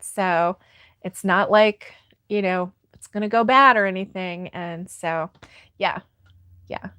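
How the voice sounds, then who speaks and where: Woman, easygoing craft-stream host, giggly and unhurried, dry close sound. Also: fairly low pitch, clear, resonant tone, no echo. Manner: giggly, laughs often, soft-hearted. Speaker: crochet livestream host. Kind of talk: casual chat reading viewer comments.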